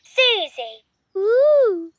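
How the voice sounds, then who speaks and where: Peppa Pig. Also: female voice, sing-song, extremely slow, dry recording, clean studio sound, heavily acted. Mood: playful. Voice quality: high, bubbly child voice with giggles. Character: cheerful little girl piglet, bossy and playful. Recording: music playing behind.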